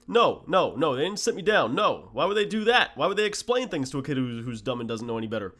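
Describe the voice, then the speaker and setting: A man streaming games, chatting casually and telling stories in a blunt, animated way. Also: on the high side, fast, few pauses. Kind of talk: casual gameplay commentary.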